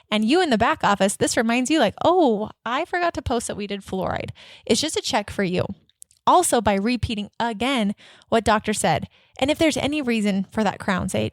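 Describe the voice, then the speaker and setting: A woman hosting a dental practice podcast, coaching staff in an energetic, upbeat way and acting out both sides of patient conversations. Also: a little high, dry recording, studio quality. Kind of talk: instructional podcast with role-played office dialogue.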